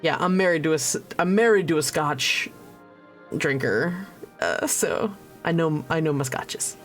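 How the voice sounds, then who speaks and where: A woman's voice: low-pitched, expressive, measured pace. A woman narrating as game master, rambling with many restarts and laughs. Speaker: dungeon master. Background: faint music.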